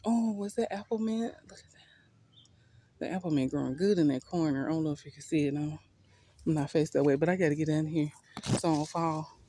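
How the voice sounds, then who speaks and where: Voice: medium pitch, fast, dark tone, a little hiss or hum. Chatty, slightly winded gardening vlogger. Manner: chatty, laughs often, thinks aloud. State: a bit winded. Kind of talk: casual vlog walk-through. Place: outdoors in a backyard garden.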